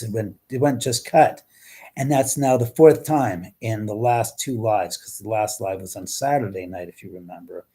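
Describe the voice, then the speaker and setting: A middle-aged man hosting a live stream, chatting casually with viewers and reading their comments, animated, with frequent swearing and trailing restarts. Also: fairly low pitch, breathy edge. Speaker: livestream host.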